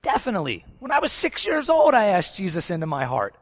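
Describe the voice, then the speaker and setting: A man preaching a sermon, swinging between loud emphatic stretches and quiet, intense asides. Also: sits high, wildly swooping pitch, a little fast, no echo. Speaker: pastor.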